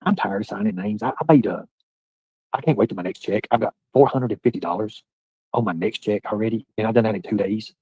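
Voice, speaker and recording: A husky, slightly low-voiced man hosts a casual livestream and rambles through profane banter with his viewers. He talks loud and loose, with a dry, close sound. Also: quick pace, dry recording, lo-fi sound. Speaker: livestream host.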